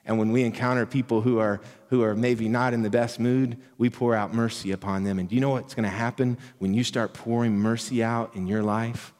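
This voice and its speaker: A man preaching a sermon as pastor, earnest and emphatic, rising on quoted lines and dropping soft and low. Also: steady tone, brisk, long reverb tail. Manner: earnest, builds to emphatic quoted lines, drops to near whisper.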